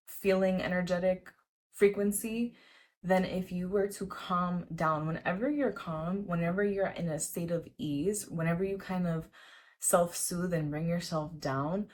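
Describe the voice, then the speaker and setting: A young woman vlogging to camera in a casual, earnest, encouraging way, full of "like" fillers and repeated words. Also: on the low side. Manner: chatty, repetitive, lots of "like" fillers. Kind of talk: casual motivational talk to camera.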